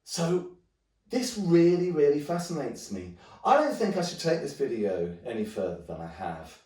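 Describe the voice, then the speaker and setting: A man's voice: a little high, very animated, normal speed, darkish tone. A man, a hand drum teacher thinking aloud in a rambling way with many restarts. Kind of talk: musing talk to camera. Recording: roomy echo, mic at a distance.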